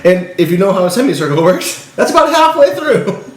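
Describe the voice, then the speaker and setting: Man, high voice, rambling storyteller, casual podcast, echoey room. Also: very animated, fairly quick. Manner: rambling, laughs often. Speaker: podcast co-host.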